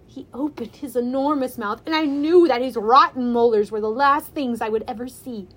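A woman reading a first-person adventure aloud, expressive and deliberate. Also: fairly high pitch. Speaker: audiobook reader. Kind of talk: dramatic first-person storybook narration.

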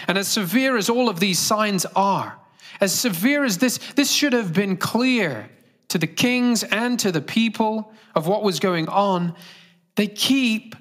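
A man's voice: high voice, fairly bright tone. A male pastor delivering a sermon earnestly, engaging the congregation with direct questions.

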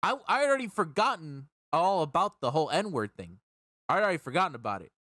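A man's voice: fairly high pitch, very animated, quick pace, bright, forceful tone, dry recording, clean studio sound. A young man hosting a casual chat, telling a long story in a rambling, profane way that repeats words as he gets worked up. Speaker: streamer and podcast host.

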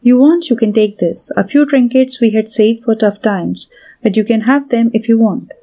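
A woman's voice: on the high side, normal speed, warm tone. A woman reading the lines of a frightened, hesitant father who pleads with an officer in a storybook narration. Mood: pleading. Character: frightened poor adult father on the run.

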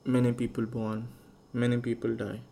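A young man talks through a loose solo podcast, drifting between thoughts and dropping casual curses. His voice is gravelly with a dark, mellow tone. Faint background noise sits under the speech. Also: mid-range voice, completely flat delivery, moderate pace. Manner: rambling, musing and swearing freely. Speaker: podcast host.

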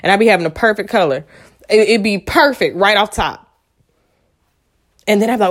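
A woman giving casual motivational talk, frank and animated with lots of profanity, sometimes dropping into a hushed whisper. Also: mid-range voice, moderate pace. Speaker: vlogger and spiritual speaker.

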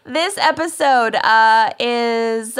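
A woman co-hosting a casual podcast chat, giggly and unhurried. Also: a little high, fairly bright tone, clear, resonant tone. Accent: American Midwest. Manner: giggly, drawn-out intro delivery. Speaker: podcast co-host.

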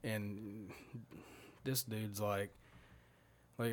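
Guy in his 30s on a podcast, swearing a lot, rambling story, kinda low voice. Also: steady tone, slow pace, pauses often. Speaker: podcast guest. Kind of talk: casual storytelling.

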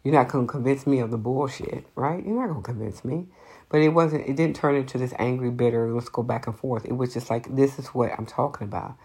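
Low and husky, a woman gives an unscripted monologue of blunt advice. She talks fairly quickly with a slightly mellow quality, stressing every point hard and swearing freely.

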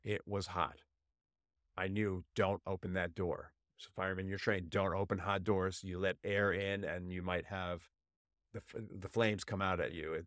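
A man hosting a podcast, telling a personal story and coaching listeners, shifting from low quiet tones to raised, heated voices when acting out emotions. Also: dry recording. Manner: storytelling, acts out inner voices with rising pitch; drops to a low quiet voice for calm moments. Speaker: podcast host. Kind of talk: coaching monologue.

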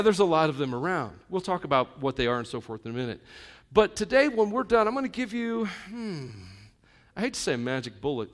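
A man preaches a sermon to a live congregation, keeping it conversational with humorous asides and moving between forceful, loud lines and hushed, intimate ones. He speaks at medium pitch.

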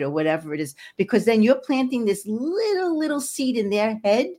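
A woman's voice: on the high side, animated, moderate pace, hardly any pauses, darkish tone. An older woman guest, an energy healer, talking earnestly in an interview and often repeating words as she searches for them. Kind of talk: casual interview talk.

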